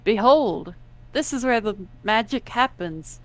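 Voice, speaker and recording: A woman voicing a glossy virtual corporate woman, an AI giving an upbeat, loud sales pitch. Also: expressive, measured pace. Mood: boastful.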